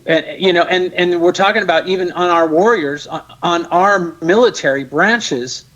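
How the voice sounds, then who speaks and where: Guy on as a guest, bit high voice, emphatic and sarcastic, really animated. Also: normal speed, highs cut off. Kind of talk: casual interview chat.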